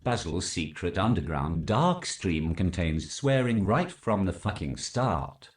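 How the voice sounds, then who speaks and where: A man doing a very deep male warning announcer who stretches every word slowly and gravely. His voice is heard from some way off the mic, with a roomy echo. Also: very animated, recorded from a distance, full character voice. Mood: ominous. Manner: grave, drawn-out delivery.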